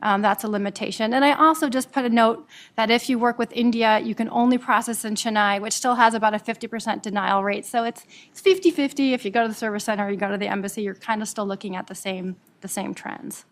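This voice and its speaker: A woman from Nebraska, an immigration attorney, presenting a webinar quickly with frequent "um"s and repeated words. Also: a little high, steady tone. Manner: fast-talking, with frequent fillers and repeated words. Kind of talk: professional presentation.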